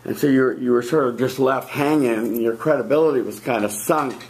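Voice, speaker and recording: A man's voice: medium pitch, a little fast. Blunt male debate coach. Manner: blunt, direct, lively emphasis. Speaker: debate coach giving feedback. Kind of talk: spoken critique in class. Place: classroom.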